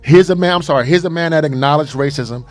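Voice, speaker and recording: A man's voice: fairly high pitch, fast, faint music behind. Earnest man co-hosting a call-in show. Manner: earnest, emphatic, says "brother". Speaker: co-host. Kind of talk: casual call-in radio talk.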